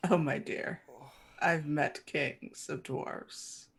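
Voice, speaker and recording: A woman voicing a smooth, teasing male elf rogue in a tabletop game, with a sly, amused manner. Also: sits low, steady tone, extremely slow, voice pushed down, heavily acted.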